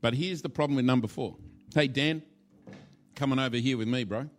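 A man's voice: medium pitch, fairly quick, slight background noise. Playful man preaching a sermon. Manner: informal, playful, acts out scenes. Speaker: pastor. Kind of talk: sermon with a live demonstration. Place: church.

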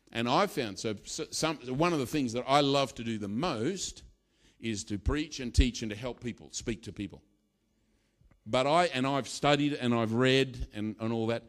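A middle-aged man preaching a sermon, telling a story with animated delivery and sudden loud bursts. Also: medium pitch, moderate pace.

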